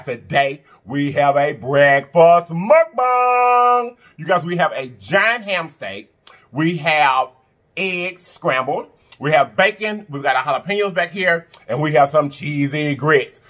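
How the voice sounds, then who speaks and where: A man hosts a casual eating-show video with a voice that sits a touch high. His delivery swings widely in pitch as he chants catchphrases to his viewers and hums through mouthfuls. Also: lively intonation, normal speed, fairly bright tone. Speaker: mukbang channel host.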